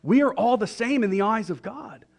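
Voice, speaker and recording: A middle-aged pastor with a high, expressive, creaky voice preaches a sermon in church. He's conversational and joking, with quick asides where he voices the people in his stories.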